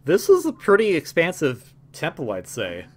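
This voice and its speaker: A man's voice: fairly high pitch, wildly swooping pitch, normal speed, a little hiss or hum. A young man hosting a gameplay video, rambling in a jokey way with lots of stammers and restarts. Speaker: gaming video host. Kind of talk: casual gameplay commentary.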